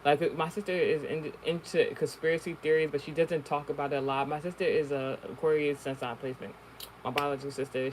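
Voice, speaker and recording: A woman telling a spiritual story to her stream in a casual monologue, animated and profane, with lots of fillers and laughs. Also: sits low, slight background noise, poor audio. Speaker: spiritual reader.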